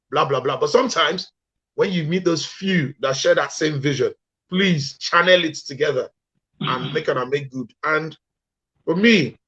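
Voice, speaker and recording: A man's voice: fairly high pitch, fairly bright tone, breathy edge, lo-fi sound. A man with a Nigerian Pidgin accent, a guest on a radio interview, speaking earnestly and reflectively.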